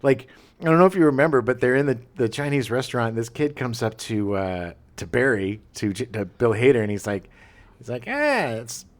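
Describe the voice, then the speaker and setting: A man's voice: medium pitch, fairly quick. A middle-aged man co-hosting a podcast, chatting casually about films and acting out scenes as he retells them. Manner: animated storyteller, acts out movie scenes. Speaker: podcast co-host. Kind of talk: casual chat.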